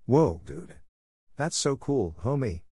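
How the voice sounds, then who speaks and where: A man's voice: mid-range voice, animated, normal speed, darkish tone, no echo, studio quality, close to an everyday voice. A man voicing a cool, cocky young male fighter who banters in casual slang. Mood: amazed.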